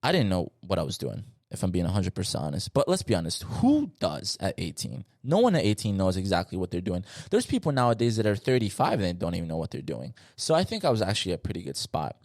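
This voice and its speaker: A young man from South Florida hosting a solo podcast, talking in an animated, slangy and emphatic way with frequent asides. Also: sits low, quick pace, hardly any pauses, no room sound, studio quality. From South Florida, USA. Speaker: podcast host.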